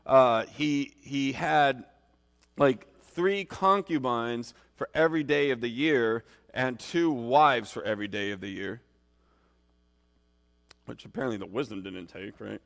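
A man's voice: mid-range voice, measured pace, creaky, fairly bright tone, in a large hall. A man preaching an informal sermon in a conversational, rambling way, with many restarts and fillers.

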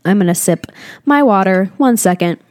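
A woman's voice: mid-range voice, animated, moderate pace, a little mellow, slight background noise. A young woman hosting a podcast, talking candidly and confessionally in a rambling way, with many "like"s. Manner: rambling and confessional, heavy use of "like". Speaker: podcast host. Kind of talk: candid personal podcast monologue.

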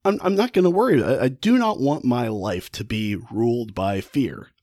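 A man voicing a headstrong woman who refuses to be ruled by fear, speaking in a brisk, dismissive way. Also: medium pitch, expressive, warm tone, no echo, clean studio sound. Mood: defiant.

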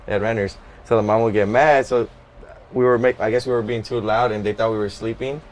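A man who is a podcast guest, telling a story casually and haltingly. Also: fairly low pitch, fairly even intonation, slight background noise, low-quality recording. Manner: hesitant, many fillers and restarts.

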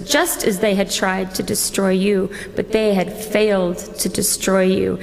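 A woman pastor preaching a sermon as a dramatic second-person retelling full of rhetorical questions. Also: medium pitch. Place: church. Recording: long church reverb.

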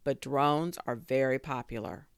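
A woman's voice: rumbling low, unhurried, vocal fry, clean tone, no room sound, studio quality, heavily acted. A woman voicing a worried older man who has lost his drone, in a storybook reading. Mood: weary.

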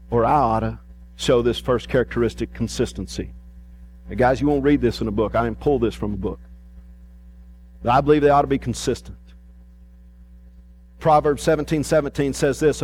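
A male pastor preaching an animated sermon, swinging between emphatic rises and soft low asides.

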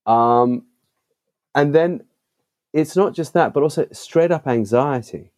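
A man who is a podcast guest and author, telling stories in an animated, emphatic conversational way. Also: medium pitch, takes it slowly. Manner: animated, emphatic, with vivid asides. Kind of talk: conversational storytelling.

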